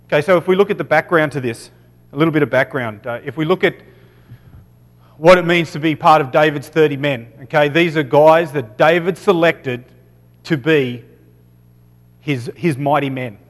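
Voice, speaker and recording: A man's voice: fairly high pitch, normal speed. A man with an Australian accent giving a casual Bible teaching, peppering it with "okay" and correcting himself as he goes. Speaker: preacher. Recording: long reverb of a hall.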